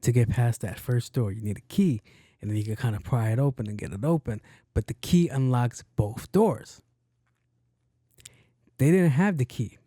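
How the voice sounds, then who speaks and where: Telling a profane, casual story on his podcast, a man with a medium-pitched voice speaks at a moderate pace and pauses often. He gets animated as he acts out the voices of the people involved, and the studio sound is clean with no room sound.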